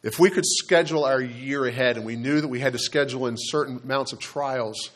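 A man delivers a sermon from the pulpit, telling a story to his congregation and turning to speak to them directly. His voice sits in a middle pitch. He slows down sharply to stress his key points. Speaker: pastor.

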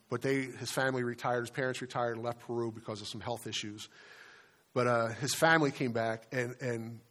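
A man in his fifties preaching a sermon as pastor, earnest and conversational, slowing down and dropping to a hush on key words. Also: mid-range voice. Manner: conversational storytelling with restarts.

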